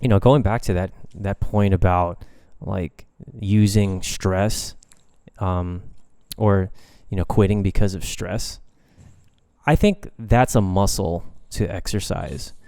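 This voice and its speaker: A man's voice: sits low, steady tone, takes it slowly, a little mellow, smooth, no room sound, studio quality. A young man co-hosting a podcast, talking in a rambling, hesitant way with lots of fillers. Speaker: band member, podcast co-host. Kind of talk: casual chat.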